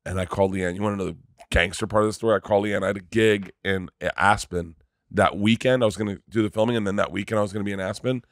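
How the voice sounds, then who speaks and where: A low-pitched man tells a story on a podcast, animated and halting, tripping over restarts and cursing freely. The recording is dry and close, with almost no room sound. He sounds like a comedian in his thirties chatting casually. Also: no room sound. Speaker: guest comedian.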